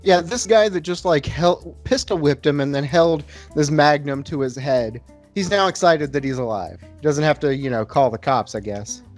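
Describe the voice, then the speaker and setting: A man with a slightly raised voice walks through a film scene on a casual podcast. He keeps a relaxed, conversational tone as he tells it. Faint music sits behind him. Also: a little high, moderate pace. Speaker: podcast co-host. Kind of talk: casual movie chat over beers.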